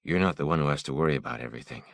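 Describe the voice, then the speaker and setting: A man's voice: very deep voice, rapid-fire, creaky, dry recording. A man playing a stern weary father. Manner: terse, stern.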